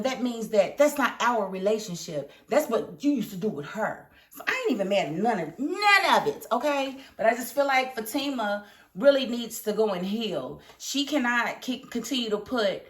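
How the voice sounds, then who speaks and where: Animated woman reviewing a TV episode. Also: a little high, roomy sound. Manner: animated, emphatic, scolding the characters. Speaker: TV show reviewer. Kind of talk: casual commentary review.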